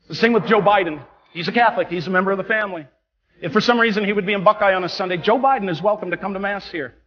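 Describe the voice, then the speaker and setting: A man's voice: sits high, brisk, long pauses, highs cut off. A man, a parish priest delivering an impassioned homily, indignant and full of rhetorical questions. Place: large church. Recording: long church reverb, faint music.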